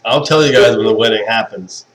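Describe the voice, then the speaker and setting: A young livestream host chats casually with viewers over a webcam stream mic, gushing, sentimental, and laughing often. His voice is on the low side and a little fast, and the audio quality is poor.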